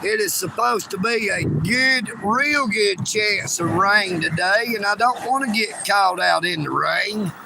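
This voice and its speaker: A man's voice: high-pitched, a little slow, gravelly, hardly any pauses, noisy background. A man hosting a casual outdoor livestream from beside railroad tracks, chatting in a folksy way and greeting viewers by name on a phone. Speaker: livestream host. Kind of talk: casual outdoor live-stream chat.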